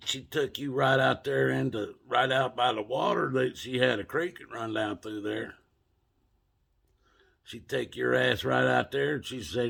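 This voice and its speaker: Brief: plainspoken Appalachian man spinning a yarn, drawled and unhurried, crisp bright edge. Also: mid-range voice. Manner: drawling, plainspoken, cusses casually. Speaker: storyteller. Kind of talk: folksy storytelling monologue.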